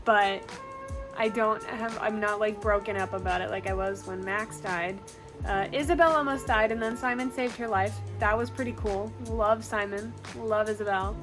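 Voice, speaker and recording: A woman's voice: medium pitch, steady tone, normal speed. A woman chatting casually in a reading vlog, gushing and full of fillers. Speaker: book vlogger. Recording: clear background music.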